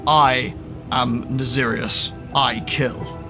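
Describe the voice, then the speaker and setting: A man voicing a menacing fey executioner creature in a slow, cold whisper-hiss while reading a game aloud. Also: medium pitch, over music. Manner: slow, hissing, cold and flat.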